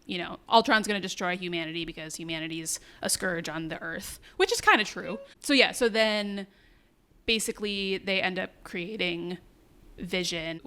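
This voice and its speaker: A woman co-hosting a podcast, recapping a series in casual chat with quick asides. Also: lowish voice, bright, forceful tone, smooth. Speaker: podcast co-host.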